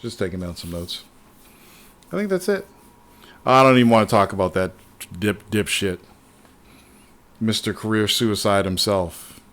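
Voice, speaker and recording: A man hosting a casual livestream, talking excitedly and swearing often as he rambles to his viewers. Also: fairly low pitch, moderate pace, long pauses, slight background noise. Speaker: livestream host.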